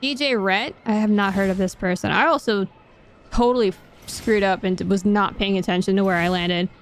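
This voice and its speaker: A woman's voice: mid-range voice, normal speed. A woman streamer chatting casually while she plays a game, thinking aloud and mocking herself. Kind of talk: casual gaming stream chat.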